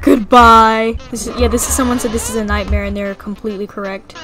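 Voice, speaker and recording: A woman giving playful, excitable let's-play commentary as she plays, often breaking into shrieks and giggles. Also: a little high, a little fast, hardly any pauses, soft background music, low-quality recording. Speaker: gaming YouTuber.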